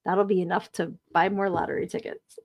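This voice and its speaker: A woman's voice: fairly low pitch, little pitch movement, fairly quick. A woman hosting a live podcast stream, chatting casually, reading viewer comments aloud and laughing often. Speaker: podcast host.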